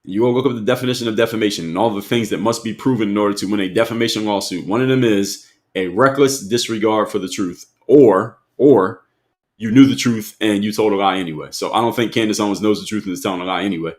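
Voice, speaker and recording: Low-voiced man quizzing his live chat. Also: fast talker, a little mellow. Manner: emphatic, repeats points and quizzes chat. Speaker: live stream host. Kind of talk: live stream commentary.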